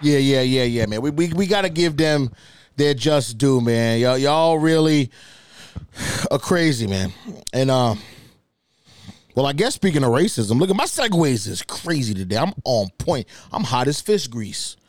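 With a measured pace and no room sound, a young podcast host delivers casual, profane, animated comic stories. When outrage strikes, his pitch leaps upward.

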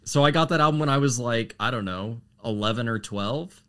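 A man's voice: mid-range voice, fairly quick, fairly bright tone, clean tone. A young man co-hosting a casual music podcast, easygoing and wry, mildly critical. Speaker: podcast co-host. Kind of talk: casual chat.

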